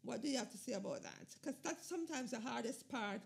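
A woman hosts a podcast and asks gentle, affirming questions. Her voice is high, with a gravelly edge of fry. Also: lively intonation, fast talker, a crowd in the background. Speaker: podcast host. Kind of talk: interview questions.

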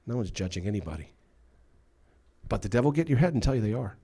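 A man's voice: lowish voice, big pitch swings, fast talker, warm tone, breathy edge. A male pastor delivering a sermon with emphatic delivery, acting out the voices he quotes. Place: church.

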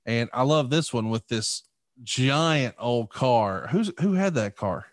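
A man's voice: mid-range voice, expressive, takes it slowly, no room sound, clean studio sound. A man co-hosting a podcast who asks upbeat questions and sets up clips. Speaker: podcast co-host. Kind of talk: casual podcast chat.

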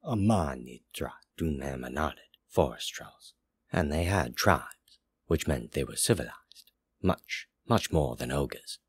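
A man narrating a fantasy story aloud in a slow, measured way. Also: a bass voice, expressive, slightly rough, dry recording, clean studio sound. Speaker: story reader. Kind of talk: audiobook narration.

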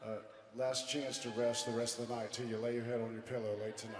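A middle-aged man leads loud, playful stage banter as a band frontman, hoarse from losing his voice. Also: medium pitch, level tone, fast, a little hiss or hum. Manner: loud, playful crowd hype. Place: large outdoor stadium stage. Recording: echoey live arena with crowd.

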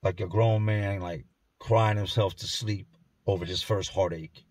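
A man with a husky, low voice telling a grim story from his own life. His delivery is somber and intense and often sinks to a hush. The sound is dry and close, as if recorded indoors at home. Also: steady tone, a little slow, no echo. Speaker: storyteller and channel host. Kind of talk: first-person storytelling.

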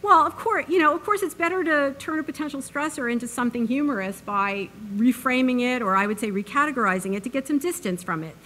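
A woman's voice: high-pitched, fast talker, hardly any pauses, a bit bright, a little hiss or hum. A woman giving an academic public lecture in an earnest way, with many fillers and restarts, recorded on a microphone in a university lecture hall.

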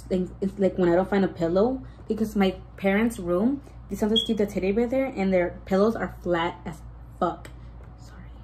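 This pregnant young vlogger has a warm, mid-range voice, though the audio quality is poor. She's telling a casual story to her viewers, wandering off track, restarting sentences, saying "like" constantly, and dropping in bits of Spanish.

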